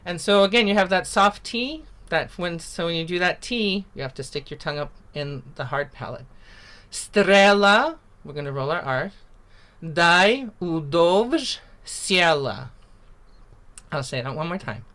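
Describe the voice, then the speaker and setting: A woman's voice: deep voice, brisk, few pauses, fairly bright tone. A woman teaching a folk singing workshop over a video call, explaining in a chatty, informal way and stopping to sing syllables as examples. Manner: demonstrates sung syllables between spoken explanations; chatty and informal, with many fillers.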